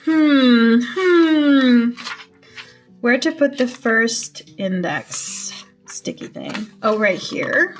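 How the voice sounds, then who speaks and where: Chatty young woman, casual planner vlog, thinks aloud, soft music behind. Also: a little high, very animated, slow pace. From Netherlands. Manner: chatty, self-talking, playful exclamations. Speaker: vlogger.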